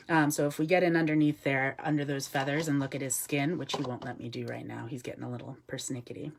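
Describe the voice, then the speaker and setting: A woman wildlife educator giving a live-streamed talk indoors at a desk. She answers viewer comments in a chatty way, with lots of ums and soft asides to the bird. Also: low-pitched, normal speed. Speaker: wildlife educator with an animal ambassador.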